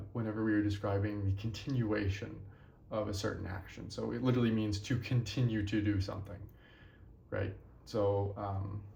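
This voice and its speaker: A man's voice: fairly low pitch, vocal fry, a little mellow, echoey room, slight background noise. A tired young man teaching a casual language lesson, rambling and correcting himself as he goes.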